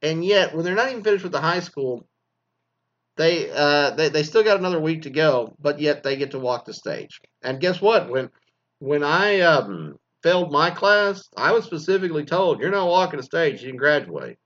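A man's voice: a little high, animated, normal speed, a bit bright, dull audio. A man who used to teach, ranting casually about school graduations, swearing a lot and rambling with mocking asides. He is from Texas. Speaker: former teacher. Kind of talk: casual profane rant.

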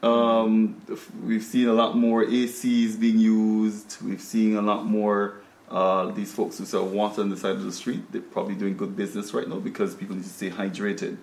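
A man's voice: lowish voice, flat delivery, moderate pace, gravelly, darkish tone, echoey room. A man with a Guyanese accent hosting a studio panel discussion, talking conversationally with frequent fillers and restarts. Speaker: talk show host.

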